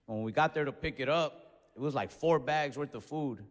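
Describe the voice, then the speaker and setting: A young man doing a stand-up comedy set on stage, telling stories in an animated way that builds to outbursts. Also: mid-range voice, normal speed, big-room sound. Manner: animated storytelling with escalating outbursts. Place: comedy stage before a live audience.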